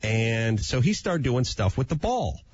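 A man, a talk show guest, telling a playful, self-mocking comic anecdote in a husky voice. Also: mid-range voice, very animated, unhurried, darkish tone, muffled recording.

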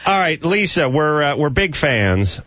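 A man's voice: a little high, big pitch swings, unhurried, pushed and bright, faint music behind. A middle-aged man hosting a comedic radio talk show, wisecracking and slipping into silly voices.

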